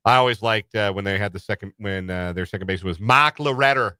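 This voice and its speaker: Bright-voiced man hosting sports radio. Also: lowish voice, fairly quick, clear, resonant tone, dry recording. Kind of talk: casual sports radio chat.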